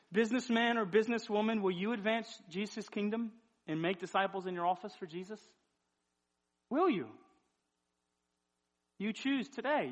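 A man in his thirties, a pastor preaching a sermon, pressing the listeners with repeated urgent questions. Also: sits high.

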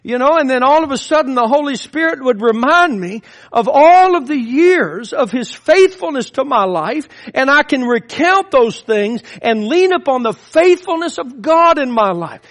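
High-voiced impassioned male preacher. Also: lively intonation, moderate pace, few pauses. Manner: impassioned, rising and falling emphasis. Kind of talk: sermon.

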